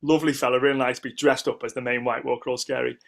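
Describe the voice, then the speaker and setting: A middle-aged Englishman chatting as a podcast guest, telling animated stories in a voice of ordinary pitch. He rambles, restarts his sentences and acts out what other people said. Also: racing, creaky. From United Kingdom. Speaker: guest, ice sculptor. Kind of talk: casual interview storytelling.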